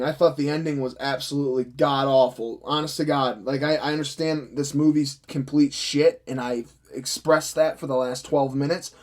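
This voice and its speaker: A young man with a high but slightly mellow voice rants his way through a film review, swearing freely. Like an irritated vlogger addressing the camera, he stays sarcastic and exasperated the whole time.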